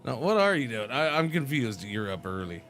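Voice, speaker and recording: A man's voice: mid-range voice, very animated, moderate pace, fairly bright tone, slight background noise. A man streaming a game, chatting casually and answering his chat, rambling and stumbling over repeated words. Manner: talks back to chat messages.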